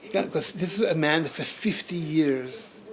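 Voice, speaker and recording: A man, a rabbi, telling a story at a community gathering, animated, often laughing and repeating words as he goes. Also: fairly high pitch, moderate pace.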